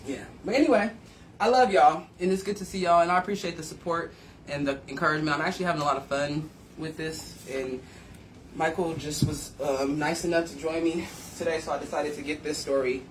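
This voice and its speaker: A woman hosting a live stream, telling stories in a blunt, profane, animated way. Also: low voice, fairly quick, a little hiss or hum. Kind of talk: casual live-stream storytelling. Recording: echoey room, distant from mic.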